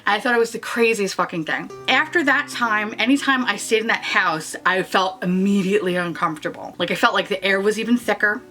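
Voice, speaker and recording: A woman from New York, a beauty vlogger, talking casually with blunt, animated delivery and constant swearing. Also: medium pitch. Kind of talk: casual storytelling and makeup review.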